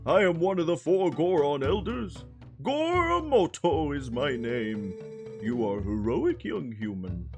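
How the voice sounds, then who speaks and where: A streamer voicing an old male rock-creature elder of a tribe, slow and formal as he reads the game's lines aloud. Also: a little high, sing-song, vocal fry, heavily acted. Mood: solemn. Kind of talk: reading game dialogue aloud in a voice. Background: game music.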